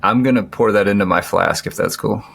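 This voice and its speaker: A man playing a tabletop role-playing game, playful and quick to laugh. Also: lowish voice, vocal fry, a bit bright, breathy edge, soft background music. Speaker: player. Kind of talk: casual tabletop play.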